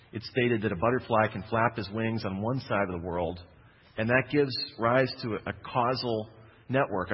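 A man's voice: mid-range voice, slightly rough, big-room sound, muffled recording. A man preaching a sermon, telling a personal story in a conversational way with jokey asides.

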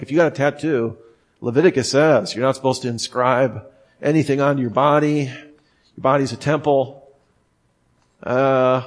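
A man preaches in a relaxed, conversational way, his voice at an ordinary middle pitch. He stretches out and stresses certain words for emphasis and often restarts his sentences. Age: adult, former smoker. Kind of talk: informal sermon.

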